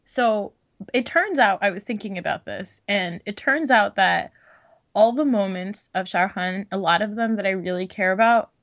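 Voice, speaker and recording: A woman's voice: mid-range voice, moderate pace, fairly bright tone. A young woman co-hosting a podcast in casual chat, giggly and full of fillers. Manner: chatty and giggly, many fillers. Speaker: podcast co-host.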